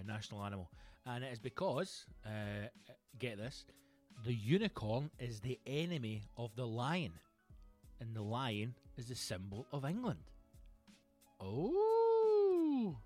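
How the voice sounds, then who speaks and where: A Glaswegian Scottish man hosting a solo comedy podcast, rambling and swearing while he acts out characters in his stories. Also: mid-range voice. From Scotland.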